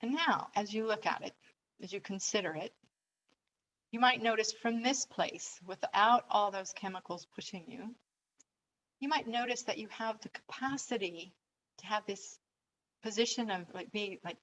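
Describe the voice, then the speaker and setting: A woman coach leading a calm guided relaxation and breathing exercise, giving gentle step-by-step instructions. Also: mid-range voice, moderate pace, a little hiss or hum, rough recording.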